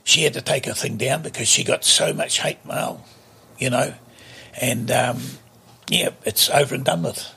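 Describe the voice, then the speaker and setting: A man's voice: mid-range voice, normal speed, gravelly, bright, forceful tone, husky. An older man, telling stories bluntly and emphatically as a podcast guest. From New Zealand. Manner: blunt, emphatic, repeats himself. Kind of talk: casual interview storytelling.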